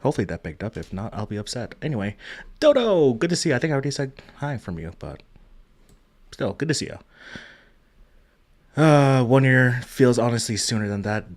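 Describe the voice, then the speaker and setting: A man hosting a casual memorial livestream, greeting viewers in chat one by one, with frequent ums and uhs and a soft, heartfelt manner. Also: mid-range voice, lively intonation, a little fast, pauses often. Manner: trails off with many ums and uhs. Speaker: livestream host.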